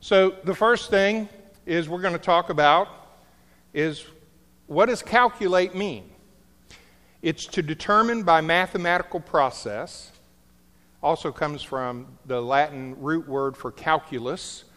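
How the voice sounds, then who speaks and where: A man's voice: fairly high pitch, measured pace, fairly bright tone. A middle-aged man preaching a sermon, telling a story with jokey asides. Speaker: pastor. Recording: large hall with long reverb.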